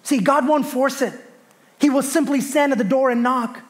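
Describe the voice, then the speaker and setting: A man's voice: very high voice, moderate pace. A man in his thirties preaching a sermon, a pastor who tells family stories and acts out the voices in them. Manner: animated storytelling preacher, acts out his kids and God in hushed voices.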